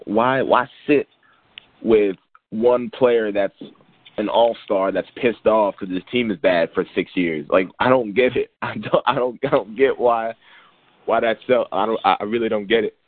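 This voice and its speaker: A man's voice: lowish voice, unhurried. A man co-hosting a sports podcast, chatting casually with many restarts and fillers. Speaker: podcast co-host. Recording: tinny phone-like sound.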